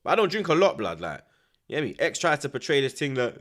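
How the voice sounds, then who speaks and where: A fast-talking young man with a mid-range voice streams his live reaction to a football match. The chat is animated and casual, heavy on street slang and tag questions.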